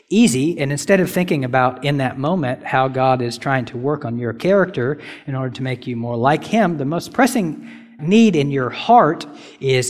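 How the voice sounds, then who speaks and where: A young man preaching a casual, emphatic sermon, full of rhetorical questions and asides. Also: fairly high pitch. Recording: long reverb of a hall.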